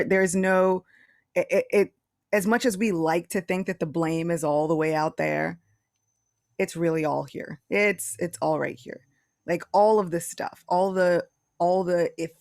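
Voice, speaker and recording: A woman co-hosting a casual spiritual podcast, telling stories in a chatty, animated way with many restarts. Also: fairly low pitch, gravelly, no room sound, clean studio sound. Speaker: podcast co-host.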